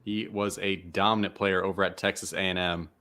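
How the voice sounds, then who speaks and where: A man's voice: low-pitched, level tone, fairly quick, bright, forceful tone. A man leading a casual mock draft chat, easygoing, with short approving replies.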